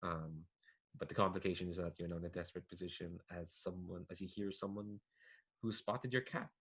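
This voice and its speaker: A man running a tabletop game, explaining scenes in a loose, hesitant way full of fillers. His voice is bright and sits low. He talks casually with his players. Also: fairly even intonation, fairly quick, slightly rough. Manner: hesitant, chatty, many fillers and laughs. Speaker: game master.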